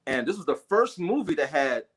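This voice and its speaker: A middle-aged man tells stories on a livestream with a slightly high voice. His pitch swings widely, and he swears freely and acts out other people's lines along the way. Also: normal speed. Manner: animated, profane, acts out voices. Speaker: guest storyteller. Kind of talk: casual livestream storytelling.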